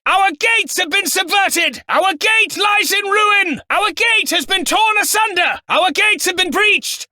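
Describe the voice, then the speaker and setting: Snobbish greedy game nobleman, pompous, slow, piercing bright voice, dry. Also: no room sound, heavily acted. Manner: pompous, fussy, high-pitched shouting. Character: snobby greedy male noble, self-absorbed and haughty. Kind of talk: video game voice lines. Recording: dry studio.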